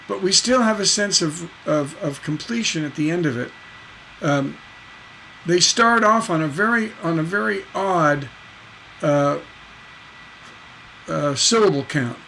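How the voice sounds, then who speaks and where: A man with a slightly high voice who takes his time, teaching songwriting on a livestream. He breaks a lyric down with playful asides and sings out the syllable patterns. There is a faint hiss behind him. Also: gravelly, pushed and bright, rough recording.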